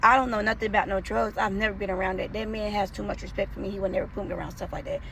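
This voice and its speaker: A woman telling a personal story in casual storytime style, profane and animated, acting out the quotes. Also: medium pitch, very fast, vocal fry, a little hiss or hum.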